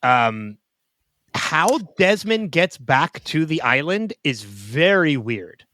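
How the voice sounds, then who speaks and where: A man co-hosting a casual podcast, relaxed and a little halting as he talks. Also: on the high side, no room sound, studio quality. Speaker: podcast co-host.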